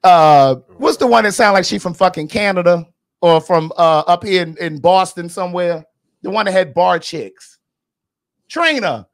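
A woman's voice: fairly low pitch, moderate pace. A woman hosting a podcast, giving blunt, profane pop-culture commentary in a casual, emphatic way. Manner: blunt, outspoken, profane gossip; animated and emphatic. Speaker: podcast host.

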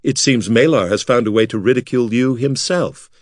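A man's voice: mid-range voice, a little fast, no echo, clean studio sound, lightly acted. A man doing a crooning, sly rival priest. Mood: smug. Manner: crooning, smug.

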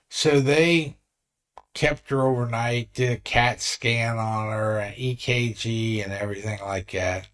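A man's voice: medium pitch, a bit bright. A man in his sixties, a vlogger telling a story in an earnest, rambling way with frequent restarts. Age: 60s. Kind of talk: casual vlog talk.

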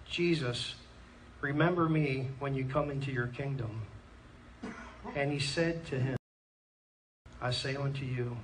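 Earnest Pennsylvania man preaching, scripture and amens, distant mic in a church. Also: medium pitch. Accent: Pennsylvania American. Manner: earnest, reads scripture aloud with frequent amens. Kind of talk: sermon. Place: church hall. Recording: distant mic in a church with faint room noise.

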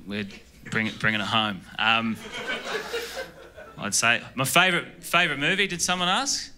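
An Australian man doing a stand-up comedy set in a club, rambling and deadpan, often breaking off mid-sentence. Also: mid-range voice, normal speed, noisy background. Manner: rambling, deadpan, self-interrupting. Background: audience laughter.

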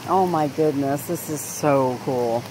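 A woman's voice: a bass voice, unhurried, noisy background. An older woman chatting casually outdoors by a creek and calling out to her dog, recorded on a handheld camera. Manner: chatty, laughs often, calls out to her dog. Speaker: vlog host, dog owner. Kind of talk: casual outdoor vlog chat.

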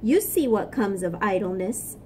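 A woman's voice: medium pitch, expressive, moderate pace, warm tone, a little hiss or hum, natural voice. A woman voicing a stern, preachy male worker ant who scolds and lectures in a storybook read-aloud. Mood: scolding.

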